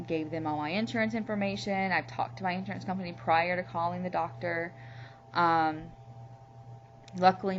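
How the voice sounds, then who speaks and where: A woman from Louisiana talking candidly in a personal video diary, heartfelt and rambling with lots of "you know"s. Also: on the low side. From Louisiana, USA. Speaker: vlogger. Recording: muffled lo-fi recording with faint hum.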